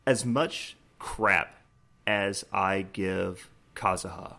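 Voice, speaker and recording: Deep and very slow with vocal fry, this man's voice belongs to a co-host on a laid-back gaming podcast. He animatedly retells a game scene, restarting again and again and performing its prompts while choked up from laughing.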